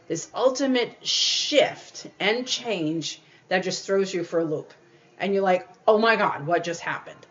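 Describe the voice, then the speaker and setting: A woman's voice: lowish voice, fairly bright tone, lo-fi sound, a little hiss or hum. A woman hosting a podcast, giving encouraging spiritual self-help advice in a conversational way and acting out little quoted voices. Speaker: podcast host.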